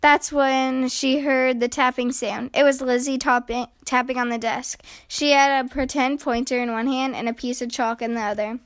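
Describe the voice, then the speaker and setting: A woman reading a children's picture book aloud in a slow, gentle, expressive way. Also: high voice, clear, resonant tone. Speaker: storyteller.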